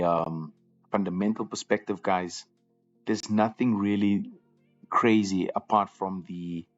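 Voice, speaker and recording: A man hosting a live trading room, talking casually to viewers and often repeating words as he goes. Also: low-pitched. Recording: slightly dull lo-fi audio with faint music.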